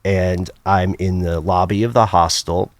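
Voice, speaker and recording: A middle-aged man telling a personal travel story on a podcast, lively and self-mocking, jumping high in pitch when he quotes people. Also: unhurried, dry recording. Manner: animated, jumps high for quoted voices. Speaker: podcast guest. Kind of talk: casual storytelling.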